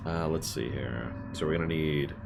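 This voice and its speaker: Deep-voiced chatty man streaming a game. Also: normal speed, creaky, over loud music. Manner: chatty, wanders into side tangents. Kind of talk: casual gameplay commentary.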